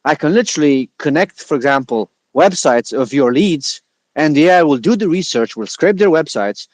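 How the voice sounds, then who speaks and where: A man talking casually as a podcast guest, relaxed and joking, with many fillers. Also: fairly high pitch, normal speed, no room sound. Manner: relaxed, jokey, uses many filler likes.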